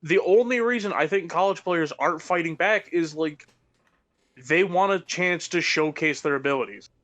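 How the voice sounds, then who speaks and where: Young dude ranting hard about sports, swearing, voice on the high side. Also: male voice, normal speed, a bit bright. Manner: ranting, heated, swears a lot. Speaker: co-host. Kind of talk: casual sports talk stream.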